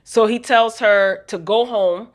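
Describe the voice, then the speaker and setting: A woman's voice: mid-range voice, takes it slowly. A woman vlogger recapping a TV episode in a casual, gossipy way, talking straight to her viewers.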